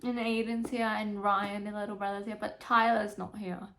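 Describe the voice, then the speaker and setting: Bright, animated young woman book vlogger. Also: medium pitch, moderate pace. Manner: animated, emotional, swears freely and gushes about characters. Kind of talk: casual chat.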